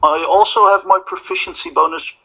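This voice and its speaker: Man, tabletop player, gravelly, slightly higher pitch, hesitant questions. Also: steady tone, fairly quick, bright, forceful tone, poor audio. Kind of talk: casual game table chat.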